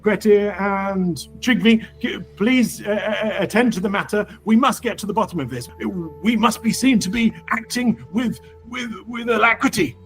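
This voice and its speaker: Man as flustered law speaker, stammering, formal, raised pitch, tabletop-game voice. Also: moderate pace, hardly any pauses, soft background music, lightly acted.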